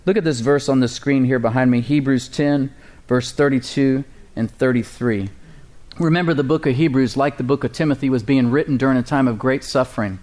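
A man's voice: medium pitch, fairly quick, a little mellow. A man preaching a sermon as pastor, emphatic and full of rhetorical questions to the congregation. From United States.

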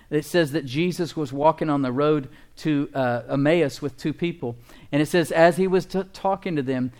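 A man as a fervent pastor mid-sermon, somewhat high voice, keeps calling for amens. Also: darkish tone. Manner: emphatic, calls out to the congregation.

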